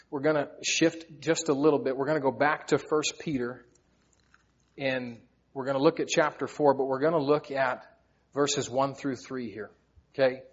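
A man's voice: mid-range voice, breathy edge. Guy preaching a sermon, earnest and heartfelt, kinda muffled lo-fi audio. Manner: earnest, heartfelt, often repeats words while speaking. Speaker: pastor. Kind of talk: sermon with personal storytelling.

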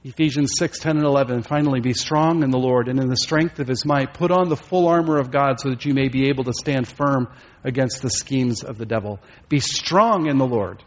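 Male pastor, sermon delivery with rhetorical questions, slightly husky, muffled recording. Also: mid-range voice, fairly quick.

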